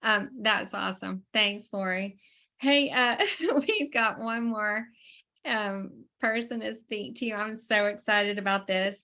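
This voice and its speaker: A Southern US woman hosts a community video call, upbeat and encouraging. Her voice is bright and forceful, carried over a video call. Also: medium pitch, fairly even intonation, measured pace. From American South. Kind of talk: casual hosting on a video call.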